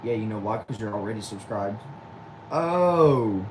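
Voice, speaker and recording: A man's voice: lowish voice, animated, measured pace, noisy background. A young man from Texas, hosting a casual livestream and answering viewer comments aloud. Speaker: livestream host.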